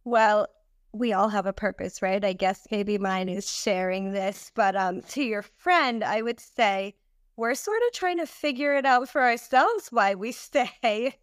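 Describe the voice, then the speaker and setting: A woman's voice: medium pitch, unhurried, no room sound, clean studio sound. A woman speaking as a podcast guest, candid and reflective, with some hesitation. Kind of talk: casual interview talk.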